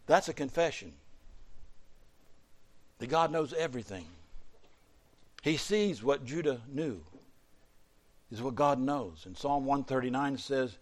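A man preaching a sermon, swinging between loud fervent peaks and quiet low asides. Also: animated, takes it slowly, pauses often.

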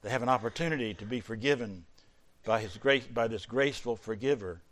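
A man preaching a sermon, swinging between loud fervent peaks and quiet low asides. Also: fairly quick.

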